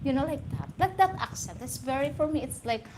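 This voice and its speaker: A woman's voice: high-pitched, brisk, background noise. A woman from the Philippines with a Filipino accent, a guest chatting casually in an interview and laughing often. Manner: giggly, animated, laughs often. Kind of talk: casual chat.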